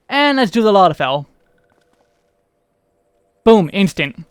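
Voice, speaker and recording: An American man streaming a game, chatting loosely and joking at his own expense. His voice sits high for a man and comes through smooth and clean. The sound is close and dry, with no room around it. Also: animated, measured pace, fairly bright tone, no room sound. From United States. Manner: rambling, self-deprecating chatter. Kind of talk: casual gameplay commentary.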